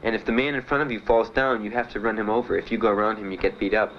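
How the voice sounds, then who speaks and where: A man being interviewed about his time in the service, telling his story in a halting, plainspoken way with many fillers. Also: fairly low pitch. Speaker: veteran interviewee. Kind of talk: documentary interview. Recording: dull archival recording with faint hiss.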